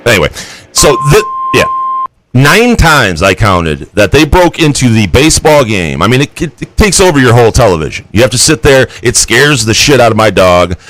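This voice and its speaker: A man's voice: medium pitch, sing-song, moderate pace, hardly any pauses, a bit bright, soft background music, rough recording. A man co-hosting a podcast in casual chat, laid-back and trailing off, growing exasperated when he rants. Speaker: podcast co-host.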